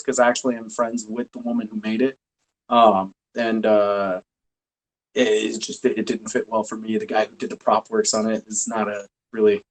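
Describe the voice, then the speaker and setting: A man's voice: mid-range voice, rough recording. Man, casual guest; rambling and self-deprecating. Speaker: podcast guest, cosplayer. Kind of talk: casual chat.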